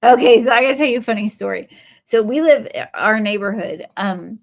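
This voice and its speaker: A woman's voice: fairly high pitch, a little fast, creaky. A woman, hosting a live craft stream. She rambles and tells stories, talking to viewers by name as she paints. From Ohio. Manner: rambling, animated storytelling, talks to viewers by name while painting. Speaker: craft livestream host.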